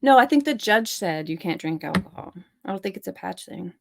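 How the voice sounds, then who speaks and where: A woman hosting a casual chat stream, blunt and teasing, thinking out loud. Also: mid-range voice, animated, fairly quick, gravelly, slight background noise. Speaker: stream host.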